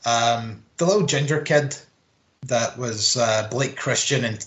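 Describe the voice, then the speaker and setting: A man's voice: mid-range voice, a little slow, lo-fi sound. Ranting man in an echoey room. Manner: sweary, animated ranting with mocking put-on quotes. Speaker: podcast co-host. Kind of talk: casual chat. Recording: roomy echo.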